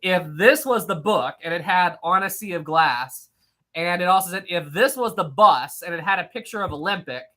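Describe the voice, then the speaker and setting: A woman hosts a live stream in loose, chatty talk. Her voice sits fairly low but swings widely, with a bright, forceful edge. She laughs often and restarts her sentences as she goes. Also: expressive, moderate pace. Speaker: live-stream host reading chat. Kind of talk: casual live-stream chat.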